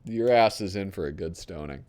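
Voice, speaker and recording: A man commenting casually as he flips through a magazine. His voice sits low but moves up and down a lot. He swears now and then and drifts into mumbled asides. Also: animated, moderate pace, a little mellow. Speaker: host.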